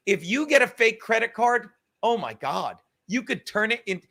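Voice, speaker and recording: High, bright-voiced man ranting profanely. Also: fairly quick. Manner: profane, rambling, animated. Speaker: livestream host. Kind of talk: casual livestream rant.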